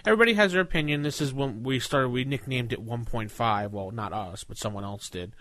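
A man's voice: medium pitch, brisk, fairly bright tone. A man co-hosting a casual tabletop gaming discussion in a wry, matter-of-fact way. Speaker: podcast co-host.

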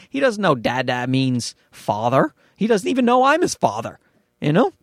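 A man's voice: on the high side, huge pitch swings, moderate pace, no room sound, clean studio sound. A young man hosting a podcast alone, rambling and swearing in a self-mocking, casual monologue. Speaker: podcast host. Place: small closet at home. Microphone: podcast microphone.

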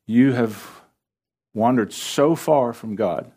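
A man's voice: medium pitch, slow pace, warm tone, husky. A man preaching an earnest sermon from a church stage, using repetition to drive his points home. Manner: earnest, builds emphasis through repetition. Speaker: pastor. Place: church stage under lights.

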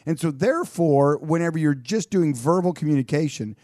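Radio co-host, male, a little high, dry booth sound, animated, acts out quotes. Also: fairly quick, no echo. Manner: animated, acts out quoted lines, restarts often. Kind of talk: casual radio chat.

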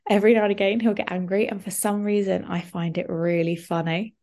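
A young woman tells a story in a relaxed podcast chat. Her mid-pitched voice has a gravelly, fry-tinged texture. She talks in an animated, rambling way, full of "like" and little asides. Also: fairly quick. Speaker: podcast co-host. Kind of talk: casual chat.

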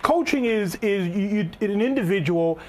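High-voiced playful man co-hosting. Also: moderate pace. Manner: playful, joking, excitable. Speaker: podcast co-host. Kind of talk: casual chat.

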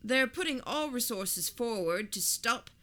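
A woman voicing a short, plump male politician who projects to a crowd in a rushed, reassuring manner. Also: on the high side, expressive, bright, forceful tone, pitched above the performer's own voice. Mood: projecting reassurance. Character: short plump male politician, practiced loud public speaker.

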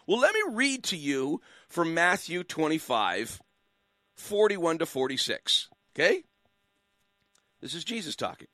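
A man on talk radio, worked up and preachy, firing question after question at his listeners. His voice sits high for a man and swings widely in pitch. The sound is dry and close, straight off a studio microphone. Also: very animated, unhurried, sharp tone, no room sound. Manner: preachy, fired-up, hammering rhetorical questions. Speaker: radio talk show host. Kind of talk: impassioned call-in radio commentary.

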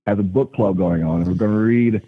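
A man's voice: lowish voice, brisk, husky. A man calling in to a podcast, chatting in a laid-back, joking way. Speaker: caller. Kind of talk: phone-in chat. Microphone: telephone. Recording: tinny phone line.

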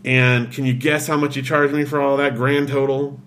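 A man's voice: mid-range voice, little pitch movement, a bit bright, slight background noise. A man in casual chat, animatedly retelling a story and acting out the voices of the people in it, with lots of "like" fillers. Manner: fast, filler-heavy with "like".

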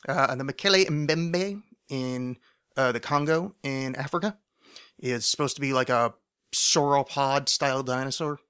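A man's voice: medium pitch, measured pace, bright, forceful tone, smooth. A man hosting a casual solo podcast, rambling in a loose, profane, self-deprecating way. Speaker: podcast host.

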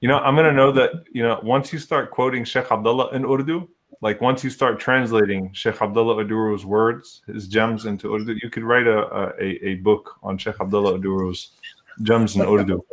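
Lower-voiced man in playful banter. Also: fairly even intonation, a little fast. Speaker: panelist. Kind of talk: casual religious discussion.

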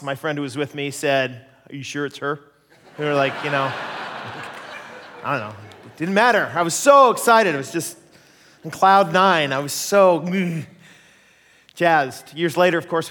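A middle-aged man preaching, telling personal stories in an animated way, laughing and acting out the voices he quotes. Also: mid-range voice. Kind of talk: sermon storytelling. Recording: long hall reverb.

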